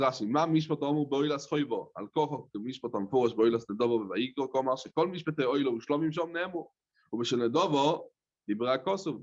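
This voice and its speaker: A rabbi teaching a Talmud class, reading the text in a singsong chant and explaining it in plain, hesitant speech. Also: male voice, medium pitch, dull audio. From London. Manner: hesitant, with many "uh" fillers.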